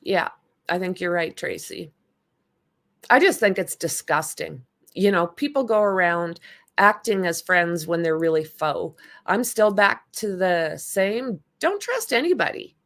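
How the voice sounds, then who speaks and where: A woman's voice: lowish voice, animated, measured pace, a bit bright. A woman hosting a casual livestream, commenting bluntly and with indignation while chatting with viewers. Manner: blunt, indignant, talks back to chat. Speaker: livestream host.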